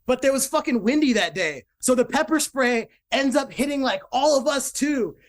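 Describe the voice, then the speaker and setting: A man with a strikingly high voice tells a rowdy story on a podcast. He talks loosely, with many fillers and some swearing. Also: lively intonation, moderate pace. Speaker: podcast guest, jiu-jitsu black belt. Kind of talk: casual storytelling chat.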